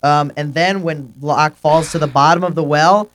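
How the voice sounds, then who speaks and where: Goofy joking man, slightly high voice. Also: steady tone, moderate pace, fairly bright tone, a little hiss or hum. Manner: goofy, joking, reads out his notes. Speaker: podcast co-host. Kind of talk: casual chat.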